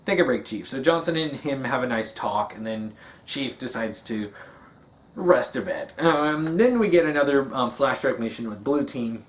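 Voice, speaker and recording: A man's voice: mid-range voice, expressive, moderate pace. A man giving a casual, rambling monologue, with many fillers and restarts. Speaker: video essayist.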